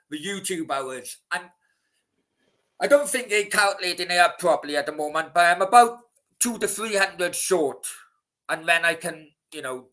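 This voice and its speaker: A man's voice: sits high, sharp tone. A man hosting a casual live stream, rambling, swearing freely and talking straight to his chat. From Wales.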